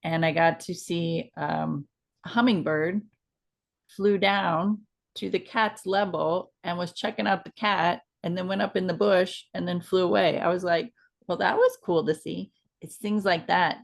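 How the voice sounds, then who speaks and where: Gravelly, easygoing woman chatting. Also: lowish voice, a little slow. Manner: relaxed, rambling with many fillers. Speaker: co-host. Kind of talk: casual chat.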